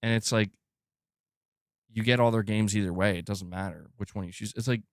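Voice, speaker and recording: On a live gaming news stream, a male host with a lowish voice talks fairly quickly, captured dry and at studio quality. His opinion rant is loose and animated, rambling along with plenty of "like" and some casual swearing.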